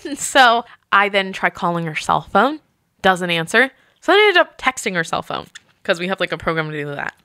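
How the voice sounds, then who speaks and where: A hotel manager telling work stories in a casual, lively way, often acting out the people she quotes. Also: mid-range voice, moderate pace, no room sound, clean studio sound. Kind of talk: casual podcast storytelling.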